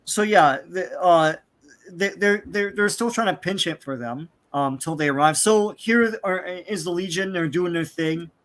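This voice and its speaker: A man's voice: sits high, measured pace, fairly bright tone. A man casually recapping an old comic book story with plenty of fillers, now and then acting out the characters' lines. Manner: rambling, many fillers, acts out characters' lines. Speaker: podcast host.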